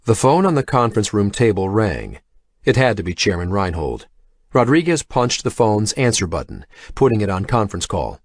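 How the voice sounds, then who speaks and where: Low-voiced male audiobook narrator. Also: sing-song, moderate pace, dry recording. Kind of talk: scripted narration.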